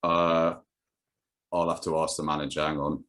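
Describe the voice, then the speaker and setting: Gloomy counter guy done by a man, very low deadpan voice, unhelpful. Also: normal speed. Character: depressed fast-food worker, grown man. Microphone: video call.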